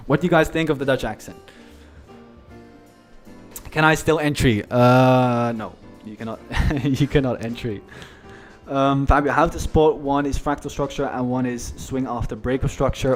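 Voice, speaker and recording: A man's voice: medium pitch, normal speed, soft background music. A man hosting a live trading stream, chatting casually and addressing viewers as guys.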